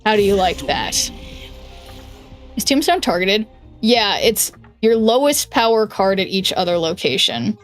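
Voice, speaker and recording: A young woman streaming a card game, thinking aloud in a chatty way with lots of "like"s and quick restarts. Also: mid-range voice, lively intonation, soft background music. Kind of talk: casual stream chat while playing a card game.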